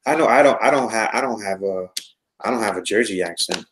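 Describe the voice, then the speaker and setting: Man, low voice, casual rambling tech-talk host. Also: brisk, slight background noise, low-quality recording. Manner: rambling, lots of fillers and restarts. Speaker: podcast host.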